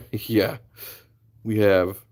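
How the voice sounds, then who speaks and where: Casting note: man, lowish voice, casual chatty livestream host who laughs easily. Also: fairly even intonation, drawn-out words, darkish tone. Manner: chatty, laughs often, greets viewers by name. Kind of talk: casual live-stream chat.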